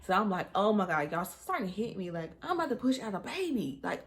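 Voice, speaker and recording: A young woman tells her birth story straight to her viewers in a casual storytime vlog. She is animated and candid, often dropping to a hushed aside before laughing at herself, in a voice of medium pitch. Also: quick pace. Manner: talks straight to viewers with frequent y'all.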